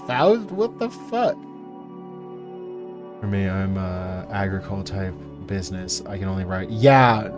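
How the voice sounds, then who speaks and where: A man with a fairly low voice talks casually on a live stream as he builds and paints miniatures. His storytelling is animated and full of swearing.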